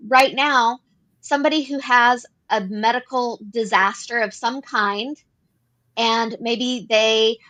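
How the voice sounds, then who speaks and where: An earnest explanation of policy comes from a woman co-hosting an advocacy talk show, her voice on the high side and a bit bright. She repeats phrases as she makes her way through her points.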